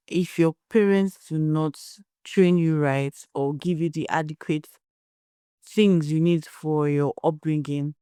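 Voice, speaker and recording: A woman's voice: deep voice, dark tone, clear, resonant tone, no echo, clean studio sound. A young Nigerian woman hosting a solo podcast, giving blunt opinions and telling stories in a conversational way. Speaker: podcast host.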